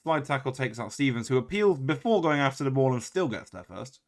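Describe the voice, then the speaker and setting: A man's voice: mid-range voice, big pitch swings, brisk. A man giving casual, wry play-by-play commentary on his own video game, full of exasperated, self-mocking asides.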